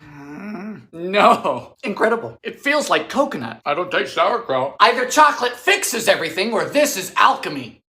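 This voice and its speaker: A man baking from vintage recipes, narrating with campy, theatrical sarcasm and sudden loud exclamations, in a home kitchen. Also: high-pitched, big pitch swings, normal speed, echoey room. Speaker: home baker.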